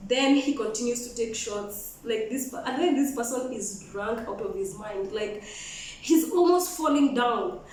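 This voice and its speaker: A young woman with a Kenyan accent telling a personal story in an animated, frank way, switching between English and Swahili. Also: fairly high pitch, a little slow, slight background noise. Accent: Kenyan, mixing Swahili and Sheng. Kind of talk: storytime vlog. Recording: echoey room, mic at a distance.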